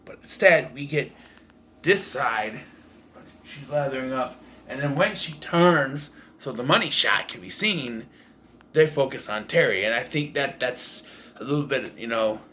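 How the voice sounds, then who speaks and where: Recording on a camera propped on taped-together cases in a room at home, a man gives a casual movie review that is rambling and blunt, full of profanity and frequent restarts. His medium-pitched voice is bright and forceful, unhurried, with slight background noise.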